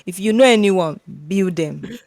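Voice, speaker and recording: A woman's voice: mid-range voice, lively intonation, unhurried, a little mellow, no room sound. A woman hosting a podcast interview, playful and teasing. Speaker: podcast host. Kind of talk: casual interview chat.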